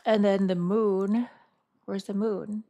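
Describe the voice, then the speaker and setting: A woman streamer in casual live-stream chat, thinking aloud in a halting way and repeating words as she talks to her chat. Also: mid-range voice, steady tone, mellow.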